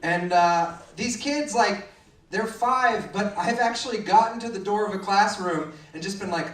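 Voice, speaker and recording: A young man doing a stand-up set, acting out kids in sudden shrill shouts. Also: moderate pace, recorded from a distance, slight background noise. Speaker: stand-up comedian. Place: club stage, roomy. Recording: roomy live club sound from afar.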